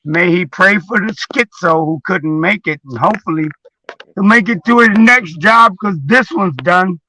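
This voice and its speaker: A man's voice: sits high, moderate pace, a little hiss or hum, low-quality recording. A man co-hosting a comedic talk show, drunk, laughing often and swearing loosely. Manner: loud, laughing, profane. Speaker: podcast co-host. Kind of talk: boozy comedic chat.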